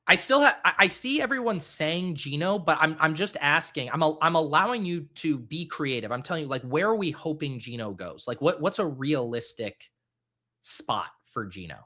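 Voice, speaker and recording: Animated bright-voiced man streaming. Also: a little high, normal speed. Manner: excitable, animated, talks to chat. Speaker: fantasy football streamer. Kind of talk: live-stream casual chat.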